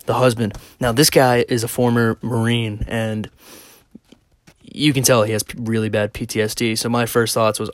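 A man's voice: medium pitch, steady tone, normal speed, no room sound. Profane, rambling man host in a dry room. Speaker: podcast host. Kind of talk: casual storytelling.

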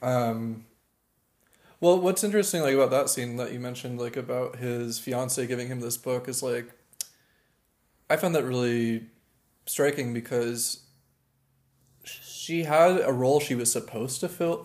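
A woman's voice: very deep voice, a little slow, a little mellow. A woman co-hosting a podcast in casual chat, dry and teasing, often answering briefly. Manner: dry, teasing, short replies. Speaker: podcast co-host.

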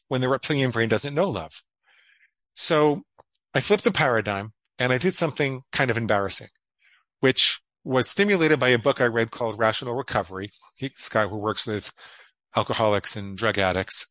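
A middle-aged man, a psychologist guest on an interview podcast, telling his story in an animated way and acting out quoted inner dialogue. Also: mid-range voice, no echo, rough recording.

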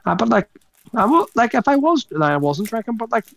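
A man's voice: very high voice, very animated, fairly quick, creaky, a bit bright, no echo. A man co-hosting a podcast, telling a rambling story with lots of swearing and laughing mid-sentence. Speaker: podcast co-host. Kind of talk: casual storytelling chat.

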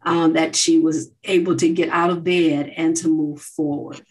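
A middle-aged woman researcher answering interview questions in an earnest, measured way, often adding "you know". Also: deep voice, little pitch movement, darkish tone, low-quality recording. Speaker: researcher guest.

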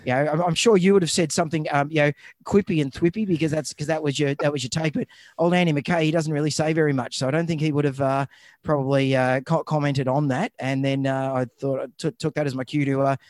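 A man's voice: fairly high pitch, fairly even intonation, fast, dry recording, studio quality. An Australian man hosting a casual podcast from home, joking and rambling with many restarts. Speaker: podcast host. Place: home, remote call.

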